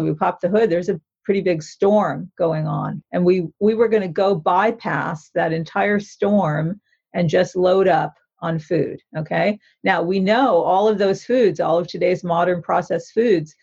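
A woman's voice: fairly low pitch, gravelly, a little mellow, slightly rough, dull audio. A woman therapist explaining a mindfulness practice in an interview, in an earnest, instructive way that often checks in with the listener. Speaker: therapist author.

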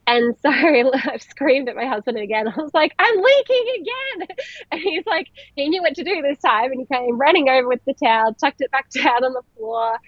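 A young woman telling a personal story in a chatty, animated way, laughing often and using many "like" fillers. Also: high-pitched, a little fast, few pauses, no echo. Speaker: vlogger telling her birth story. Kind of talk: casual storytelling. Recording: dull lo-fi, dry sound.

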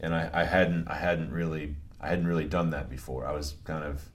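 A middle-aged man with a very deep voice talks as a guest on a podcast. He is from New England and speaks in a relaxed, halting way, often restarting his phrases. His speech is conversational and unhurried. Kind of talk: conversational interview.

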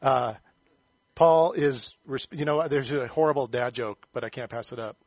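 A male pastor giving a conversational sermon, joking about himself and animated as he reads and explains scripture. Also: mid-range voice, moderate pace, no room sound. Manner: conversational, animated, self-deprecating humor. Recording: dull, slightly muffled, dry sound.

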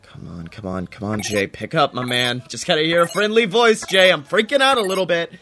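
A man voices an audio drama lead with a bright, animated delivery. He wisecracks and stumbles when he is flustered. Faint ambient noise sits underneath. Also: on the high side, brisk. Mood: anxious.

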